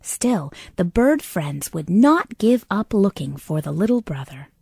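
A woman reading a children's bedtime story aloud, narrating slowly and often in a soft half-whisper. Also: medium pitch, sing-song, gravelly, husky, no echo, clean studio sound.

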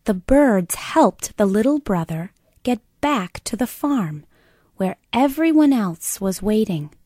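A woman reading a children's bedtime story aloud, narrating slowly and often in a soft half-whisper. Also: medium pitch, very animated, no echo.

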